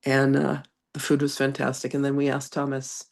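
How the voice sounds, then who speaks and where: A woman's voice: a bass voice, moderate pace, gravelly. A congested woman, a reverend and psychic medium, chatting through stories and reading a spiritual lesson. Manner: chatty, animated anecdotes with frequent laughter. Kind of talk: casual storytelling, then reading a channeled message.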